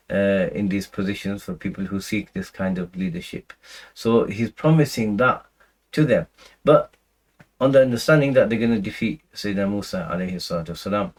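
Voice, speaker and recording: A man with a fairly low voice explains scripture in a loose, talky lecture. He restarts sentences, leans on "you know" and "right", and slips into Arabic recitation between explanations. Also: low-quality recording. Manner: conversational, many fillers and restarts, recites Arabic verses. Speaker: Quran teacher.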